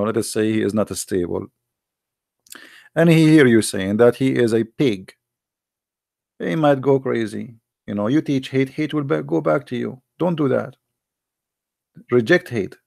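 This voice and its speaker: A man with halting, non-native English giving a casual, heated, argumentative monologue to viewers, often repeating himself. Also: mid-range voice, gravelly, darkish tone, no room sound, clean studio sound. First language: not English.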